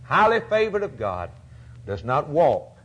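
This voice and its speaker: A man preaching a fervent sermon, emphatic and repetitive, with a husky voice. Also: a little high, wildly swooping pitch, a little slow, a bit bright, highs cut off.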